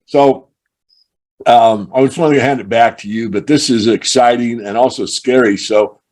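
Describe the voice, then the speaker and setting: A man hosting a casual podcast conversation, explaining his points in long, measured run-on thoughts. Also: medium pitch, fairly even intonation, a little mellow. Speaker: show host.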